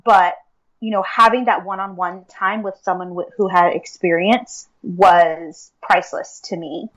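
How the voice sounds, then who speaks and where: A woman's voice: on the low side, steady tone, a little slow, fairly bright tone, low-quality recording. A woman speaking as an interview guest, talking earnestly in a casual way with many fillers like "like" and "um". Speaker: guest, akashic records reader and teacher.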